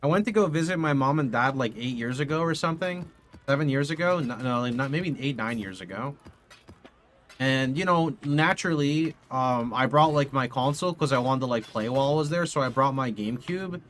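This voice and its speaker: A young man streaming from his home setup, telling a rambling, animated story to his live chat and swearing casually into a studio mic. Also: medium pitch, fairly quick, a little hiss or hum. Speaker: video game streamer. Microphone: condenser studio mic.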